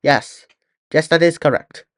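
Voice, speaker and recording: A man's voice: fairly high pitch, a little slow, no room sound, lightly acted. A man voicing a nervous male scientist posing as a soldier, speaking hesitantly. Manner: hesitant, placating.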